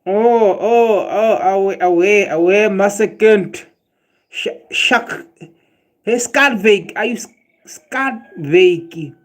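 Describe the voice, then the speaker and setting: This South African man's voice sits high, and he talks slowly as he casually chats on his livestream. Animated and profane, he rants, jokes with viewers and laughs at their messages.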